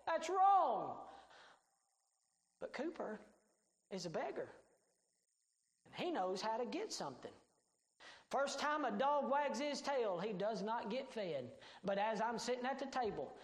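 A male pastor preaching a sermon, folksy and plain-spoken, swinging between loud emphasis and hushed tones. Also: very high-pitched, roomy sound.

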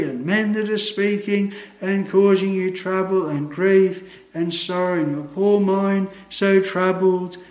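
A man pastor preaching a sermon in a chapel, earnest and solemn, quoting scripture slowly. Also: high voice, echoey room, rough recording.

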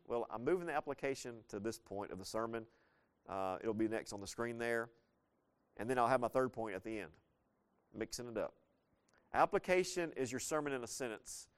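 Brisk and clean-toned, with lively intonation at a medium pitch, a Southern-accented pastor from the Southern United States preaches. His sermon unfolds as conversational, folksy storytelling with abrupt bursts of emphasis.

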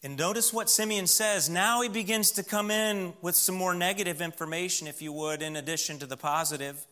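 Bright, high-voiced preaching man. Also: fairly quick. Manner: preaching with rising emphatic lists. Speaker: pastor. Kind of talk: sermon. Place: church.

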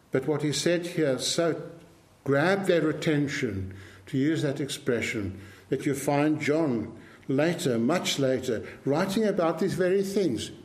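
A man preaching a sermon in an earnest, emphatic way, repeating his key phrases for weight. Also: fairly high pitch.

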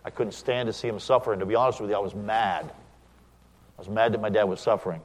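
Low-voiced man preaching a sermon. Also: quick pace, big-room sound. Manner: animated, acts out quoted dialogue, then turns quiet and reflective. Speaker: pastor.

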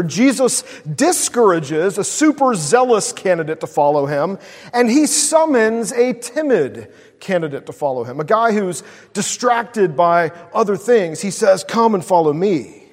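Man, high voice, pastor, casual conversational sermon, long hall reverb. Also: sing-song, normal speed, a little mellow. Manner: casual storytelling with frequent "like" and "uh".

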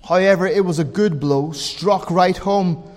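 A man preaching a sermon, telling a story slowly and dramatically, dropping to near silence and then rising to loud emphasis. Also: high-pitched, in a large hall. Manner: slow, dramatic, swings between quiet and loud.

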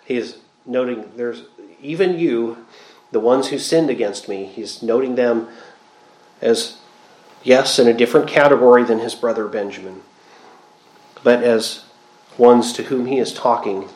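A man's voice: medium pitch, unhurried, pauses often, a little mellow. A man giving a Bible study lecture, explaining the text thoughtfully with reflective asides. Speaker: Bible teacher. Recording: roomy echo.

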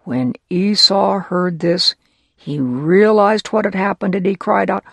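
Gravelly children's Bible storyteller. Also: medium pitch, a bit bright, no room sound, studio quality. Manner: slow and deliberate, asks listeners rhetorical questions.

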